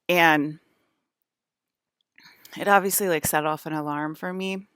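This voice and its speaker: A woman's voice: sits low, fairly even intonation, unhurried, pauses often, a bit bright, clean tone, dry recording, clean studio sound. A woman vlogging in a casual, rambling monologue, filling every phrase with "like" and restarting her sentences. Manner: rambling, heavy use of "like", frequent restarts.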